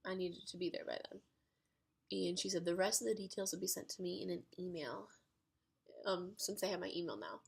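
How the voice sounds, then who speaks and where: A woman telling a story to camera in an excitable, chatty way, full of "like". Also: on the low side, fairly quick, gravelly, breathy edge. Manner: excitable, chatty, heavy use of "like". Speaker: storytime vlogger. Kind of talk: casual storytelling.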